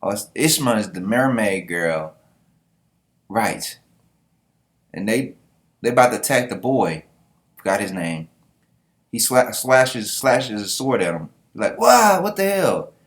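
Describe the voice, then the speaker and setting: A man's voice: fairly low pitch, expressive, slow, long pauses. A man giving a casual, slangy, profane comic-book reaction, laughing often. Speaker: manga reviewer.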